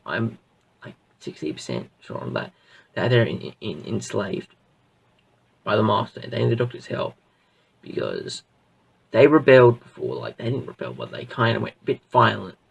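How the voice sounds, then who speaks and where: A man's voice: mid-range voice, creaky, husky, distant mic, poor audio. A man reviewing a show in a casual, rambling way, full of fillers and restarts. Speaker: video reviewer.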